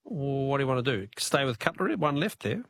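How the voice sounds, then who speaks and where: Lively Australian radio quiz host. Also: male voice, medium pitch, a little fast, slight background noise. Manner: chatty, laughs often, jokey. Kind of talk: casual radio talkback.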